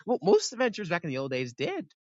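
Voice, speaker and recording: A man's voice: high-pitched, huge pitch swings, fast talker, a little mellow, no room sound, highs cut off. A man co-hosting a podcast, rambling in a laid-back casual chat and laughing easily. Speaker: podcast co-host.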